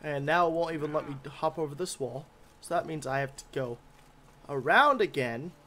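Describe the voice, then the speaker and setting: A man's voice: a little high, animated, moderate pace, bright, forceful tone. A man giving gameplay commentary as a gaming YouTuber, grumbling and easily irritated.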